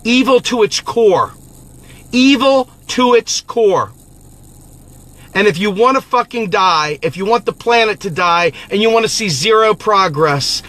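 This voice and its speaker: A man's voice: high voice, animated, unhurried, fairly bright tone. A man hosting an impassioned political monologue who talks in a profane, fiery, exhorting way. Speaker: political activist host.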